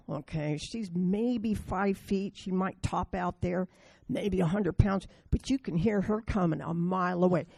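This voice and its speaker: Gravelly, dark-voiced woman telling stories. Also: lowish voice, no room sound. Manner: blunt, storytelling, self-deprecating. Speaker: meeting speaker. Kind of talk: recovery meeting talk with stories.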